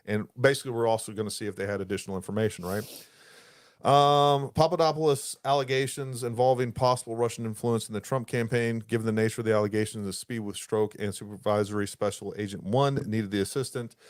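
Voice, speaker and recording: A man's voice: fairly low pitch, steady tone, fast, no echo, clean studio sound. A man hosting a podcast, reading passages from a report aloud and stopping to explain them in plain words. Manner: reads in long stretches, breaks off to explain in plain words. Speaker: podcast host.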